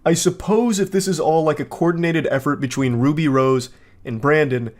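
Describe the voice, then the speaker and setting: A man's voice: fairly high pitch, normal speed. A man giving casual video commentary in a dry, sarcastic manner.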